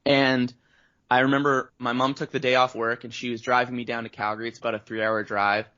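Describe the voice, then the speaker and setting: A man's voice: medium pitch, level tone, fairly quick, sharp tone. A Canadian man in his thirties, a voice actor guest, telling rambling stories in a casual interview and acting out the lines he quotes. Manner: rambling storyteller, acts out quotes. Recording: dull lo-fi audio.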